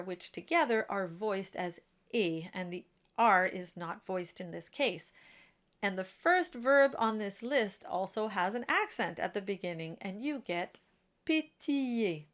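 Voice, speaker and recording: A woman voice teacher explaining French diction for singers, slowing down to model each example word. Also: medium pitch, lively intonation. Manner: clear, careful teaching, slows to model example words.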